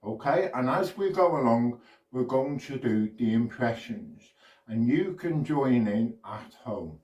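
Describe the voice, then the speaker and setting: A man's voice: medium pitch, lively intonation, unhurried, darkish tone, highs cut off. A man from the UK doing a children's magic show, with chirpy, sing-song patter that invites kids at home to join in. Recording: echoey room, far from mic.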